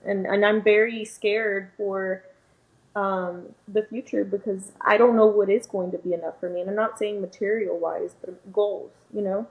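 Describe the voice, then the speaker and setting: A woman's voice: mid-range voice, fairly even intonation, moderate pace, narrow, tinny audio. A young woman co-hosting a podcast in casual chat, filling her talk with "like" and "you know.". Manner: chatty, says "like" and "you know" often. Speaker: podcast co-host.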